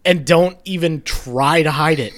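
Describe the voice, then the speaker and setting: A man's voice: a little high, measured pace, a bit bright. Sarcastic man co-hosting a movie podcast. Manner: sarcastic, swearing. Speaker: podcast co-host. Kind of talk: casual movie review chat.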